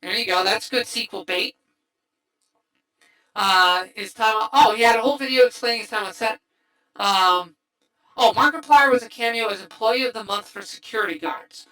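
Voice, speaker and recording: A woman hosting a casual livestream movie chat, excitable and rambling with many restarts. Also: a little high, moderate pace, poor audio. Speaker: streamer host.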